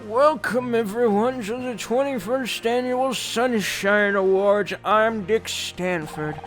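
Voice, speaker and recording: A man's voice: sits high, slow, a bit bright, faint music behind. A man voicing a smarmy retired male host of an awards show, talking in showy, joking emcee patter in a game. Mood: hammy.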